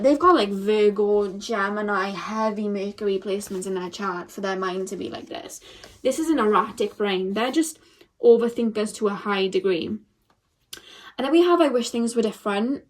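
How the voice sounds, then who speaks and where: A young woman giving a casual tarot card reading straight to camera, chatty and animated, with lots of filler words. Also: medium pitch.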